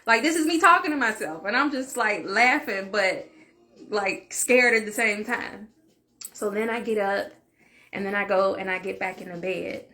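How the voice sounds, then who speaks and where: A woman vlogger telling a story in a casual, animated way, full of "like" and swearing. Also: medium pitch, normal speed. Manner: animated, frank, peppered with "like" and swearing. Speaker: vlogger and healing channel host. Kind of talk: casual story-time monologue.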